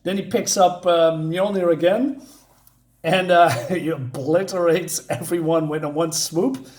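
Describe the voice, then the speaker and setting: A man's voice: fairly high pitch, steady tone, unhurried, darkish tone, roomy sound. A man casually reviewing a comic book, enthusiastic and rambling, often restarting his sentences.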